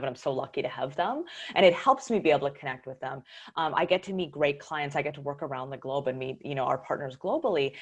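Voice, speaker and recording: Chatty low-voiced woman presenting a workshop. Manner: chatty, laughs often, many fillers. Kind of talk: casual presentation talk.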